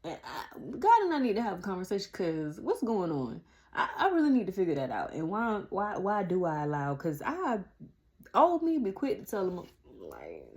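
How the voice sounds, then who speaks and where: A woman's voice: mid-range voice, wildly swooping pitch, moderate pace, darkish tone. A woman around forty, chatting casually to camera and calling her viewers y'all. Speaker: vlogger.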